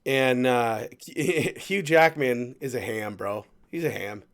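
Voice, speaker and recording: Man, podcast host, casual chat, rambling storyteller, animated. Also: medium pitch, slow pace.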